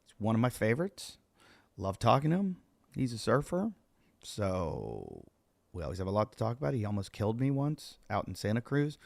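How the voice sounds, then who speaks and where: A man's voice: on the low side, wildly swooping pitch, normal speed, gravelly, a little mellow, no echo. Rambling, joking male podcast host. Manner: rambling, self-mocking, jokey. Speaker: podcast host and stand-up comedian. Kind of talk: casual solo podcast intro.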